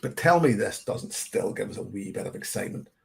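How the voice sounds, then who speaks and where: A man's voice: on the low side, lively intonation, brisk, creaky, a little mellow, slight background noise. A man hosting a live whisky tasting, chatting in a rambling, self-correcting way and reading out viewer comments. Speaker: whisky channel host.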